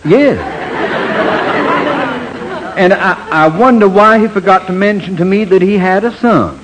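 A man's voice: high voice, expressive, unhurried, fairly bright tone, a faint crowd, low-quality recording. A man playing a pompous colonel who runs a loan office, in a 1940s radio comedy. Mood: genteel. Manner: courtly, then indignant. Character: pompous southern colonel, loan manager, easily riled.

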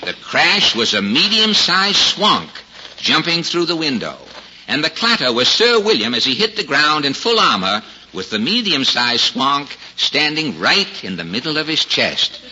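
A man narrating a storybook, fairly high and very animated, with a playful lilt. The recording is dull and old-sounding. A clear hiss runs under it. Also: unhurried.

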